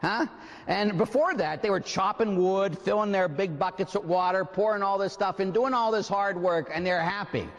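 A man, a priest, telling a story during a sermon in a lively, emphatic way. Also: high voice, moderate pace, long reverb tail. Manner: animated storytelling, emphatic preaching. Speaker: Catholic priest.

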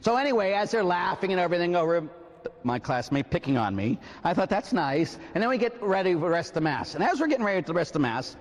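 A man, a priest, telling a story during a sermon in a lively, emphatic way. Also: high voice, fast, big-room sound. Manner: animated storytelling, emphatic preaching. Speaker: Catholic priest.

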